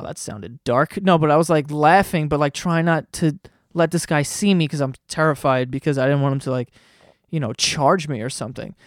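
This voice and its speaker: Excitable man telling a comic story. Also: a little high, dry recording, studio quality. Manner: excitable, swears often, breaks into laughter. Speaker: comedy podcast host.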